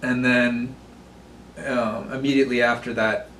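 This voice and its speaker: A man's voice: mid-range voice, a little slow. Guy running a tabletop game, lots of ums, kinda far off the mic in a roomy space. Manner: relaxed, many fillers. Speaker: game master. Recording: echoey room, far from mic, faint noise.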